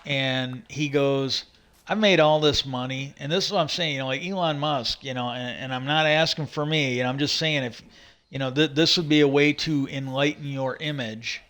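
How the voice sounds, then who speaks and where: A man's voice: mid-range voice, normal speed, a bit bright. A man hosting a livestream, talking in a loose rambling way, retelling a conversation with lots of "he goes" and restarts. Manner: retells stories with many "he goes", frequent restarts and fillers. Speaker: livestream host. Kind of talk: rambling casual monologue.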